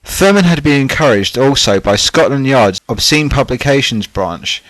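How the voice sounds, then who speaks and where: A man's voice: mid-range voice, animated, moderate pace, a bit bright, dry recording, rough recording. A man narrating a scripted documentary in a sardonic way, with catty asides.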